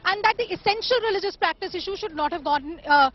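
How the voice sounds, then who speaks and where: A woman's voice: very high-pitched, quick pace. A woman reporting live from outside a court as a field reporter, speaking with many fillers and restarts. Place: outdoors at a court. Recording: dull lo-fi broadcast audio.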